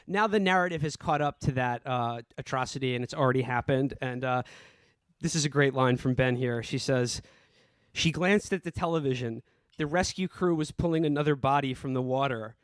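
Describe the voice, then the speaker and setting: A man's voice: medium pitch, normal speed, smooth, no echo. A man co-hosting a comedy podcast, reading a novel aloud in a mock-earnest tone and breaking into laughter. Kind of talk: comedic dramatic reading with banter.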